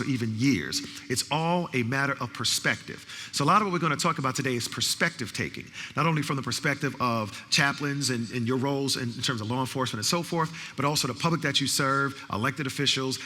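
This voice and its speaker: Bright and forceful at a medium pitch, this man is a college professor running an interactive training session at a conference. He calls for audience responses and repeats phrases to fire people up, all heard through long hall reverb.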